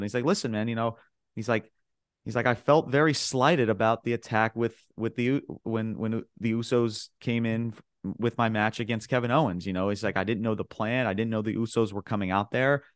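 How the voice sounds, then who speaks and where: A man with a fairly low voice talks through a wrestling show in a loose, rambling way. He leans on filler words and slips into the voices of the people he quotes. The sound is dry and close. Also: no room sound. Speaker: podcast co-host. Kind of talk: casual wrestling recap chat.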